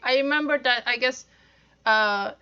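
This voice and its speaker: Turkish native woman hosting, high bright voice, lots of like, um, dull lo-fi audio. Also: measured pace, clear, resonant tone. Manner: searching for words, frequent "like". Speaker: podcast host. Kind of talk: casual interview chat.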